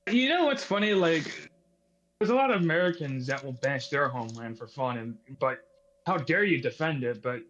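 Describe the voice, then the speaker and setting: A man in casual podcast chat, earnest and halting, often repeating his words. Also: on the high side, lively intonation, fairly bright tone, muffled recording.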